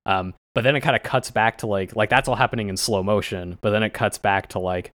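A man co-hosting a podcast in casual chat, talking excitedly with many fillers and frequent swearing. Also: fairly low pitch, brisk, no room sound. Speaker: anime podcast co-host.

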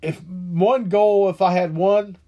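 A middle-aged man with a somewhat high voice rants on his podcast. He is frustrated and profane, and he rambles, often restarting his sentences as he vents. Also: fairly even intonation, slow pace, warm tone, highs cut off. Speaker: podcast host. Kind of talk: angry political rant.

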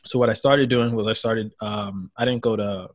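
A man's voice: on the low side, steady tone, normal speed, no room sound. Laid-back man, dry sound. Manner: filler-heavy, laid-back, trails off. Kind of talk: casual chat.

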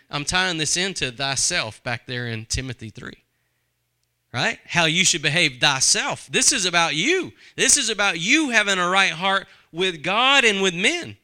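A man's voice: sits high, big pitch swings, unhurried, pushed and bright. A man preaching a sermon, conversational and full of rhetorical questions to the congregation. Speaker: pastor.

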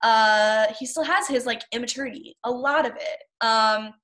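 Woman, casual chat, bright tone, slightly high pitch, enthusiastic, rambling. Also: normal speed. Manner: enthusiastic, rambling with many fillers. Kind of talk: casual chat about a cartoon series.

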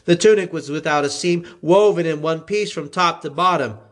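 A man reading scripture aloud in a slow, expressive way. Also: a little high. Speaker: scripture reader.

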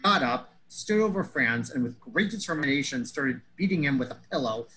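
A man's voice: mid-range voice, lively intonation, normal speed, pushed and bright, low-quality recording. A man telling a comedic story in a pedantic, wordy way, fussing over grammar and metaphors.

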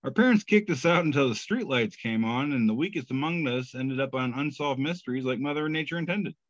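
A man's voice: medium pitch, animated, dry recording. Jokey male podcast co-host. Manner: jokey, self-deprecating, drawn-out pauses. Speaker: podcast co-host reading memes. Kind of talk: casual podcast banter. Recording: dull lo-fi podcast mic.

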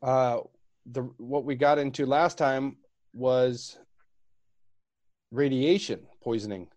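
A man hosting a casual online discussion, talking in a halting, questioning way. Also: mid-range voice, steady tone, darkish tone.

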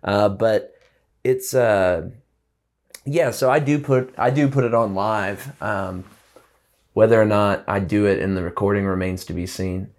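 A man's voice: lowish voice, a little slow. A man talking as a guest musician in a casual interview, loose and rambling with many restarts and fillers.

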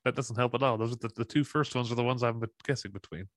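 Podcast co-host, man with a mid-pitched voice, easygoing, quick to laugh, casual mild cursing. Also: fairly bright tone. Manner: laid-back, laughs easily, mild swearing. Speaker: podcast co-host and quiz contestant. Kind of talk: casual chat.

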